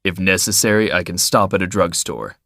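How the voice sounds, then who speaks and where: A man voicing a brusque, jealous wealthy man in an audiobook, curt and forceful. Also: deep voice, brisk, no room sound, studio quality. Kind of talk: audiobook character voice.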